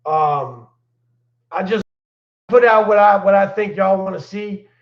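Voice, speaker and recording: Hosting his own channel, a man tells stories casually on a livestream, laid-back, heavy on slang, and laughing as he goes. His voice is high and measured in pace. The room echoes, and the sound is dull and lo-fi.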